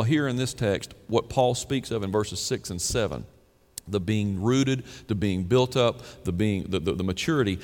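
A man's voice: fairly low pitch, darkish tone. A man preaching a sermon, reading scripture aloud with earnest emphasis. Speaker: pastor. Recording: long hall reverb.

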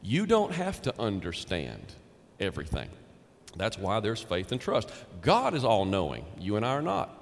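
A man's voice: fairly low pitch, wildly swooping pitch, moderate pace, vocal fry. Man preaching in a reverberant hall. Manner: conversational preaching with emphatic repetition. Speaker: pastor. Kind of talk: sermon.

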